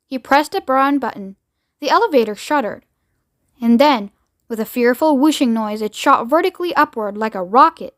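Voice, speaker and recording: A woman reading a children's book aloud with steady, expressive storytelling. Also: high voice, normal speed, dry recording, clean studio sound. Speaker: read-aloud reader.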